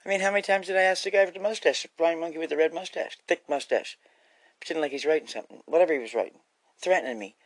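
A man's voice: fairly high pitch, rapid-fire. A man talking straight to his viewers in a scattered, jumpy ramble that starts and restarts. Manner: scattered, jumpy, restarts often, folksy "y'all". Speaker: vlogger. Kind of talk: rambling casual monologue to viewers.

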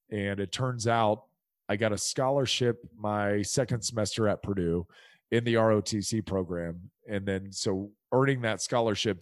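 Animated male storyteller in a dry room. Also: lowish voice, no room sound. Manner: animated storyteller acting out quoted people. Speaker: podcast guest, former football player. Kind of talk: casual storytelling interview.

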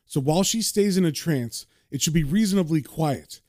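Brief: cocky young magician, brash and slangy, read by a man, fairly high voice, dry sound. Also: animated, normal speed, a little mellow, no room sound, natural voice.

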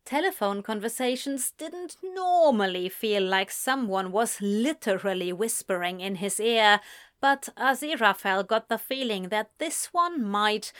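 A woman narrating a story in a slow, measured reading voice. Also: medium pitch, lively intonation, a bit bright. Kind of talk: fan fiction reading.

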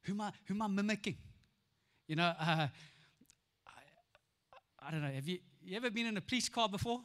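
A man with a South African accent preaching a lively, playful sermon as a pastor, acting out voices and often laughing. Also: sits high, a little fast. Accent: South African English. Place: church auditorium. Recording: echoey church hall.

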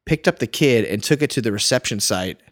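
A man's voice: on the low side, brisk. A man co-hosting a casual podcast, a wedding photographer telling stories animatedly and peppering his talk with "like". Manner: animated storytelling, frequent "like".

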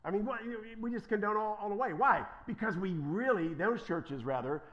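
A male pastor preaching with fervor, his voice riding high and leaping all over the place. He drops to quiet asides, then surges into loud, emphatic declarations. The recording sounds dull and lo-fi. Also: expressive, fairly quick. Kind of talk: sermon.

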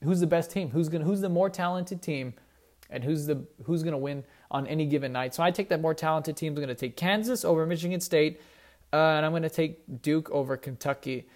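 A man's voice: fairly high pitch, fairly quick, a little mellow. A young man hosting a casual sports show, rambling and correcting himself as he talks enthusiastically about college teams. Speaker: sports podcast host.

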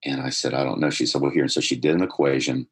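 A middle-aged man with a husky voice, earnestly telling a personal story in conversation, growing more animated as he goes. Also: a bass voice, quick pace. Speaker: guest telling his life story.

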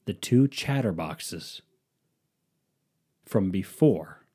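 A man casually telling a profane, sarcastic story and acting out what others said in quick impressions. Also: deep voice, expressive, dark tone, breathy edge. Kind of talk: casual storytelling with acted-out quotes.

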